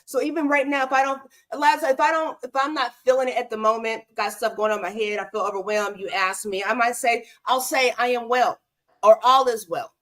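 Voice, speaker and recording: A woman's voice: fairly high pitch, steady tone, fast talker, few pauses, a bit bright. Woman host, casual livestream chat, speaks straight to her viewers. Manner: addresses viewers directly, keeps asking "okay?".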